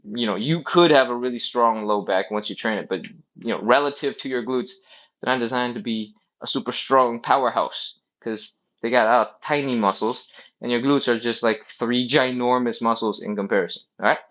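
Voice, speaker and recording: A man in the middle range of pitch, coaching a live stretching session in a loose, upbeat way and often checking in with "all right?" He calls out the exercise cues while doing the moves himself. The audio is dull and lo-fi. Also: normal speed, a bit bright. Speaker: fitness instructor. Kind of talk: live-streamed stretching class.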